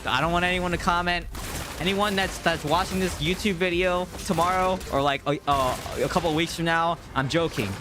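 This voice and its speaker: A man in his thirties from the US Mid-Atlantic, with a matching accent, rambles casually on a live game stream while answering viewer chat. His voice is a little high and brisk with fairly even intonation, against a noisy background.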